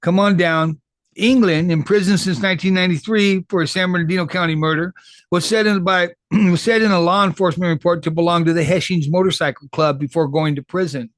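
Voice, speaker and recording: A man's voice: high-pitched, steady tone, fairly quick, dry recording, studio quality. A man who was recently paroled, giving casual, rambling commentary full of swearing and street slang. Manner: rambling, profane street talk. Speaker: formerly incarcerated commentator.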